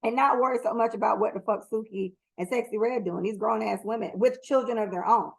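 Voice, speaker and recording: A woman's voice: a little high, brisk, vocal fry, breathy edge, rough recording. A young adult woman hosting her own podcast, talking alone in a blunt, profane, rambling way with lots of ums. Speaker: podcast host. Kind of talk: casual solo commentary.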